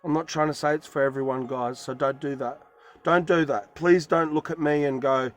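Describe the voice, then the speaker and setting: A man's voice: fairly high pitch, steady tone, moderate pace, faint music behind. A man vlogging from his van in a forest, retelling a run-in in a rambling, emphatic way. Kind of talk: casual storytelling to camera.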